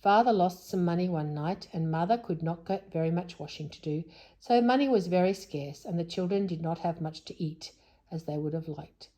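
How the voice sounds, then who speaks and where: A woman's voice: fairly low pitch, normal speed, mellow. A woman reading a children's storybook aloud, stopping now and then to explain things to a young listener in a whisper. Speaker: storybook reader.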